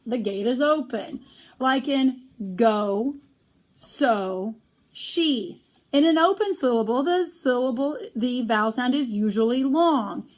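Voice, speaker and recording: A woman teaching a phonics lesson on syllable types, speaking clearly and drawing out the example words slowly. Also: high voice, darkish tone.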